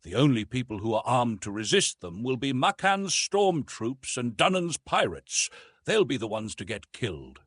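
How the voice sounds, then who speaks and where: Man doing blunt space fleet commander, wry, husky, lively pitch, audiobook. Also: normal speed, dry recording, clean studio sound. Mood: tense.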